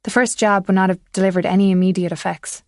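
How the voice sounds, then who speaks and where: A woman's voice: medium pitch, steady tone, fast talker, darkish tone, no room sound, studio quality, lightly acted. A woman voicing a firm, guarded woman vet. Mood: reasoning.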